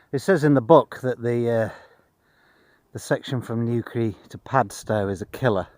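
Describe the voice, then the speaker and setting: A worn-out man records a travel vlog outdoors while bikepacking. He speaks in a dry, self-mocking monotone at a middling pitch. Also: measured pace, pauses often. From Britain. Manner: dry, self-deprecating, low-energy monotone. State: tired. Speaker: vlogger. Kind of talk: casual travel vlog to camera. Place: outdoors on a cycling trip.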